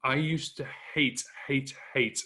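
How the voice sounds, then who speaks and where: A man's voice: medium pitch, fairly even intonation, takes it slowly, sharp tone. A man with a northern English Hull accent giving a direct, encouraging motivational talk to business owners. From northern England. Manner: direct, encouraging, emphatic repetition. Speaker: speaker coaching business owners.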